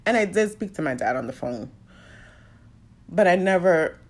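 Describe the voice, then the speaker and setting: A woman's voice: lowish voice, lively intonation, normal speed, darkish tone. A woman openly telling a personal story, emotional and fighting back tears. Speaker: podcast host sharing a personal story.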